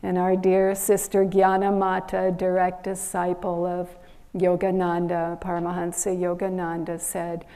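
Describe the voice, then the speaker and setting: Brief: unhurried woman preacher with a mellow, low-toned voice, telling a parable. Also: completely flat delivery, clean tone. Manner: slow, gentle storytelling with pauses. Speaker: minister giving a Sunday service. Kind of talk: sermon with storytelling.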